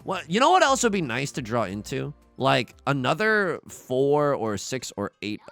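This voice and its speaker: A man commentating live on his own tile game, excitable and jokey, yelping at setbacks and muttering while he counts tiles. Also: medium pitch, moderate pace, creaky, hardly any pauses, soft background music. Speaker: streamer playing a tile game.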